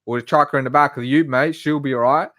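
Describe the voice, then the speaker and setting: A man's voice: medium pitch, fairly even intonation, fast talker, a bit bright, natural voice. A man putting on an Australian accent to play a laid-back young Australian bloke with a breezy, matey drawl. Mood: jokey. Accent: put-on Australian.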